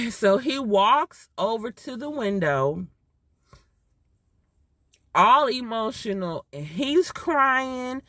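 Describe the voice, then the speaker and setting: A woman recounts a personal story to her viewers in a casual, emotional way, circling back to the same points for emphasis. Her voice sits a little high and swings widely in pitch. The sound is close and dry. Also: pushed and bright, no echo. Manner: emotional, heartfelt, repetitive. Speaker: mother telling a personal story.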